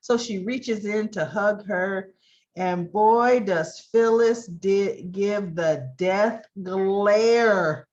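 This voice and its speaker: A woman talks through the latest soap episode in a loose, chatty way, acting out the characters' lines as she retells each scene. Her voice sits at a middle pitch. The recording sounds dull and lo-fi. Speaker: soap opera recap vlogger. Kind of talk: casual spoken episode recap.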